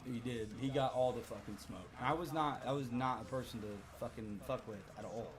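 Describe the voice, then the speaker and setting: A man in his thirties hosting a livestream, telling a story in a loose, profane, animated way. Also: medium pitch, brisk, a crowd in the background. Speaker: livestream host. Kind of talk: casual storytelling to a live chat.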